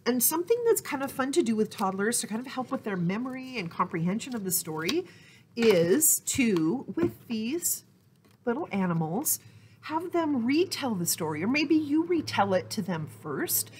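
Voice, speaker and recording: A woman's voice: fairly high pitch, sing-song, moderate pace, darkish tone, a little hiss or hum. A woman leading a library storytime lesson for toddlers, talking in a cheerful sing-song way. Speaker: children's librarian.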